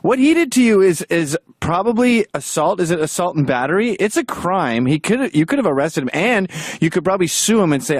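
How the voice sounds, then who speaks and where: A man hosting a comedy podcast, firing off quick wisecracks. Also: sits high, sing-song, no room sound, studio quality. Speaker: podcast host. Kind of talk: comedic banter.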